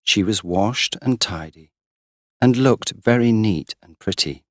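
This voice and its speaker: A deep-voiced man narrating a storybook for English learners, unhurried and deliberate. His pitch moves expressively through each line. The recording is dry and close. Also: lively intonation, no room sound. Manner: slow, deliberate, clearly paced. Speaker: audiobook narrator.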